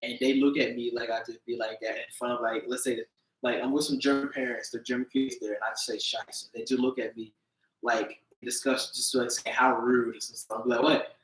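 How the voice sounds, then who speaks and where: A young man hosting a podcast, telling stories in casual chat and jumping into high-pitched voices when he quotes people. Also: little pitch movement, brisk, fairly bright tone. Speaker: podcast host. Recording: echoey room.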